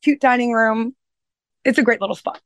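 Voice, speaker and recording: A woman guest on a food podcast, telling animated stories in casual chat and swearing freely. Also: a little high, normal speed, dry recording, studio quality.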